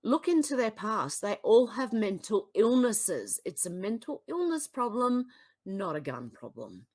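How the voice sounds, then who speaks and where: An Australian woman talking straight to camera as a political vlogger, blunt and exasperated. She reads posts aloud, then cuts in with scathing asides, her voice sitting at an ordinary middle pitch. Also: very animated, unhurried, a little mellow, breathy edge. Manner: exasperated, blunt, swings between sighs and outbursts. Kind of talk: reading posts aloud and reacting.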